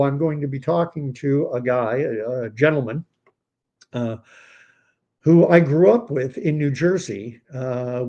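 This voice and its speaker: A Canadian man in his fifties hosts a casual livestream in a mid-range, darkish voice. He rambles and digresses, full of fillers and restarts.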